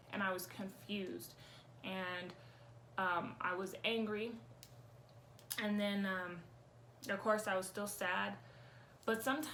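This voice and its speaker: A young woman speaks straight to camera in a candid personal vlog, frank and emphatic, swearing freely and getting worked up. Her voice sits at a middling pitch. A faint hiss runs underneath. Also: a bit bright. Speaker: vlogger.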